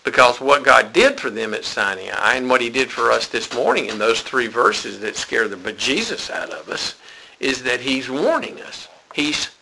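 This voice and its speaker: A man's voice: medium pitch, vocal fry, bright, forceful tone, a little hiss or hum, low-quality recording. A man preaching a sermon in a church, folksy and conversational.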